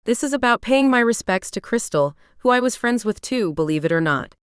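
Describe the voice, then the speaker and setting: A woman's voice: fairly high pitch, animated, fairly quick, smooth, no room sound, clean studio sound, pitched above the performer's own voice, natural voice. A woman voicing a curt, defensive young man who talks coldly and sneers, in an audiobook reading. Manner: cold, sneering.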